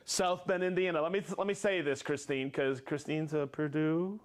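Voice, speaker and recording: A man's voice: a little high, fairly even intonation. Upbeat joking man hosting a tool show. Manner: jokey, upbeat, quick bursts of talk. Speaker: host of a tool demo show. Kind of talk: casual live demo chat.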